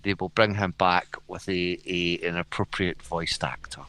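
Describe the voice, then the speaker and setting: A man's voice: low voice, little pitch movement, normal speed, pushed and bright, smooth, no room sound. A man co-hosting a podcast in casual chat, swearing heavily and ranting with frequent laughs. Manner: profane, ranting, laughs often. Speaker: podcast co-host.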